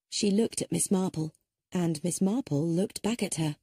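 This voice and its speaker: Warm, breathy woman narrating a story. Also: low voice, steady tone, normal speed, no echo, studio quality. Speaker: audiobook narrator.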